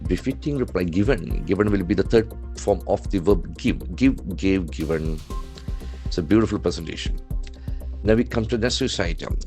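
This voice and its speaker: This English trainer speaks with an Indian English accent in a low, darkish voice at a normal pace, with soft music in the background. Teaching vocabulary from the news, he spells every word out letter by letter and repeats it with strong emphasis.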